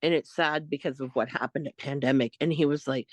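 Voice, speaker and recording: A woman co-hosting a podcast, telling a story in a casual, animated way, quoting what others said. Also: deep voice, a little fast, dry recording. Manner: animated retelling, quotes others, laughs often. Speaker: podcast co-host.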